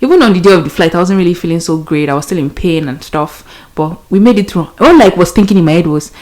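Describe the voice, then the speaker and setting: A woman's voice: lowish voice, animated, fast, darkish tone. A young Nigerian woman hosting a podcast, telling a story casually and animatedly, laughing often and mixing in pidgin. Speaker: podcast host.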